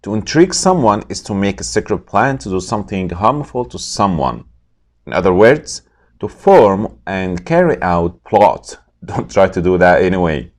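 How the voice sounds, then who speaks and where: Lively low-voiced male English teacher. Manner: slow, careful, repeats each word for pronunciation. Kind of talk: scripted vocabulary lesson.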